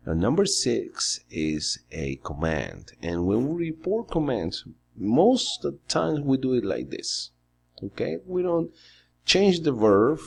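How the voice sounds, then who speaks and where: A man teaching an English lesson, explaining grammar and vocabulary slowly and patiently, step by step. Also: on the low side, vocal fry, darkish tone, breathy edge.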